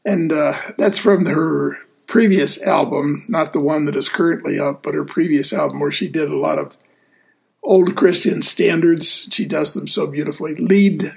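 Gravelly, easygoing male deacon host. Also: a little high, steady tone. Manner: easygoing, earnest, pauses often with "uh". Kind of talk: casual radio show chat.

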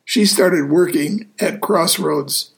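Gravelly, easygoing male deacon host. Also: fairly high pitch. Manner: easygoing, earnest, pauses often with "uh". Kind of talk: casual radio show chat.

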